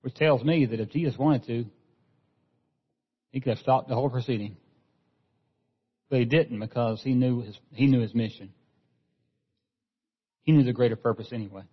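A man's voice: medium pitch, normal speed, long pauses, slightly rough. A man preaching a sermon as pastor, earnest, often repeating a word as he restarts a phrase. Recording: dull lo-fi sound with long hall reverb.

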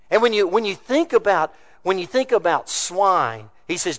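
Male pastor, high and lively voice, preaching with emphatic swings. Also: normal speed, few pauses. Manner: emphatic preaching with wide swings of pitch and loudness. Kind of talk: sermon.

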